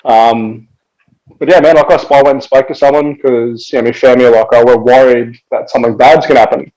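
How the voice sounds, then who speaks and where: A man's voice: medium pitch, fairly even intonation, brisk, darkish tone, poor audio. A man, a podcast guest talking in casual chat, laid-back and swearing freely, saying "man" and "like" a lot.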